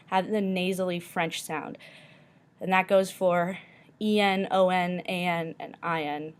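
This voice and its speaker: Woman teacher, slow careful delivery, lowish voice, repeats each word to model it. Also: smooth. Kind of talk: recorded pronunciation lesson.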